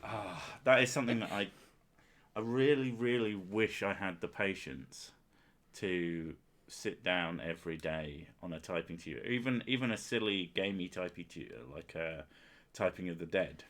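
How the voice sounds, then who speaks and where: A man's voice: low-pitched, moderate pace, a bit bright. A man hosting a livestream, chatting casually, with crude, self-mocking jokes. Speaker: streamer and host.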